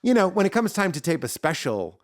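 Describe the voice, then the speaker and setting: A man's voice: high-pitched, a little fast, dry recording, clean studio sound. A man, a comedian guest on a podcast, talking at length in casual chat and acting out his bits in voices. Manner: animated, acts out bits in character voices.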